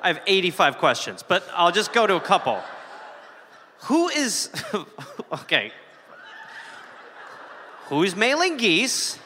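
A man co-hosting a live comedy podcast, riffing on the story with quick jokes and asides, recorded live in a venue. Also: high-pitched, big pitch swings, sharp tone, slight background noise. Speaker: podcast co-host. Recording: live venue with hall reverb.

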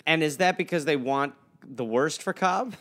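A man co-hosting a comedy podcast, reacting to the story with quick wisecracks and puns. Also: on the high side, fairly bright tone. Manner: quick wisecracks and punning interjections. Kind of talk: comedic banter.

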